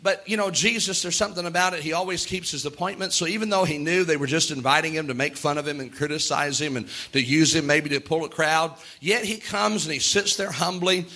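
A man's voice: on the high side, bright, forceful tone. A man preaching a sermon with impassioned delivery, acting out the lines of Bible characters.

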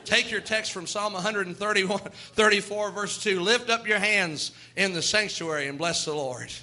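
A man's voice: high-pitched, moderate pace, sharp tone. A man preaching a sermon, reading scripture and urging his congregation to praise with fervent, rhythmic delivery. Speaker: pastor.

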